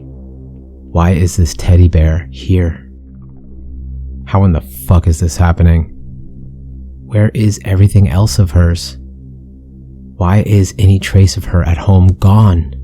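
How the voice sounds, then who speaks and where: A man's voice: sits low, mellow. A man narrating a first-person horror story with an intense, brooding delivery.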